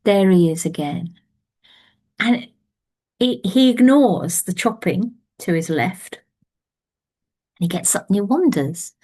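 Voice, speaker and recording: A woman storyteller tells a tale slowly and intimately, her voice often sinking into a whisper. Her pitch sits low for a woman and she takes her time. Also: darkish tone. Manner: slow and intimate, dipping to whispers. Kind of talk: oral storytelling.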